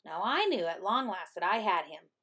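Gravelly-voiced woman reading to kids. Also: lowish voice, normal speed. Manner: gentle, expressive storytelling. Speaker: teacher. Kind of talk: reading a picture book aloud to children.

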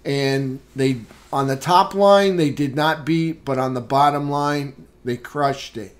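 In a live market recap, a mid-range male voice leads a trading room through the charts. He stays calm and unhurried, giving plain commentary with casual fillers.

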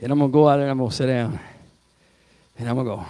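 A man preaching a sermon as pastor, swinging from loud rising exhortation to quiet spoken prayer. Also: mid-range voice, rapid-fire. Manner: preaching with rising shouts, then hushed prayer. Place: church sanctuary.

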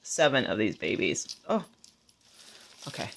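A woman's voice: rumbling low, sing-song, a little slow, gravelly, breathy edge. A woman vlogger chatting casually and gushing as she shows off her shopping haul. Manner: bubbly, chatty, gushing over finds. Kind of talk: casual haul vlog chat.

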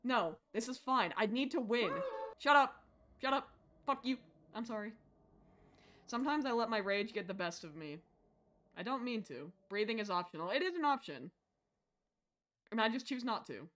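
A woman streamer chatting through a horror game, swinging between shouted insults and quiet mumbling asides, rambling and joking with her chat. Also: medium pitch, expressive, normal speed.

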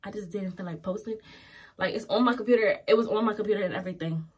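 Young adult woman, casual daily vlogger, chatty and relaxed, close to the mic. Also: mid-range voice, quick pace, husky. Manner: chatty, loose, lots of "um" and "y'all". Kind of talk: casual vlog chat. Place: at home, then out running errands. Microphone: phone or camera held close.

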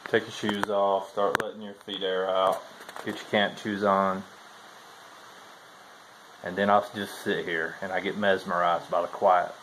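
This thru-hiker talks to his camera from a forest trail shelter, easygoing and chatty, his Southern-style speech sprinkled with "y'all." He has a deep, level voice and a measured pace with frequent pauses, and background noise can be heard.

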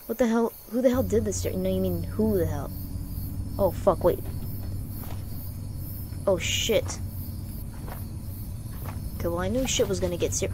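A woman's voice: medium pitch, noisy background. A young woman streaming a horror game, swearing freely, rambling and gasping at scares. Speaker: gaming streamer. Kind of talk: horror game playthrough commentary.

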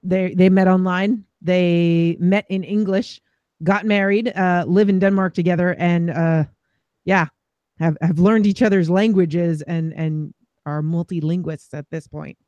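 A woman's voice: fairly low pitch, fairly even intonation, unhurried, mellow, no room sound, dull audio. Chatty woman reading the live chat. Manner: chatty, many fillers and restarts. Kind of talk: casual panel chat.

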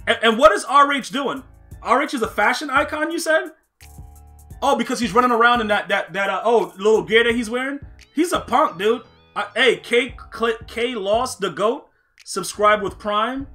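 A man streaming a football video game, excitable and trash-talking, shouting at plays and chatting with his viewers. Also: very high voice, moderate pace, soft background music. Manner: chats with viewers while playing. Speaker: gaming streamer. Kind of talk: live gameplay commentary.

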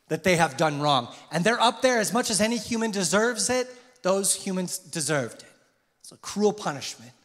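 Impassioned pastor in a reverberant church. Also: male voice, fairly bright tone. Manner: impassioned, rises in pitch and volume on questions. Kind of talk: sermon. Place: church sanctuary. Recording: long hall reverb.

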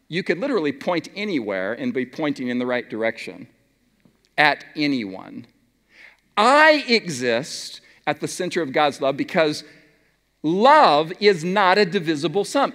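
A middle-aged male preacher with a fairly high, lively voice that swoops up and down as he works the crowd. He fires rhetorical questions and sometimes sinks to a near hush, and his words ring out with a long reverb in a large hall. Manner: animated, rhetorical questions to the audience; drops to a soft hush for emphasis. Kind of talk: sermon.

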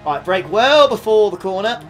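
A young man streaming a racing game, reacting excitably with frequent laughs and quick apologies while talking to his chat. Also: sits high, slight background noise. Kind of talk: live racing game commentary. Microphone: desktop USB condenser mic.

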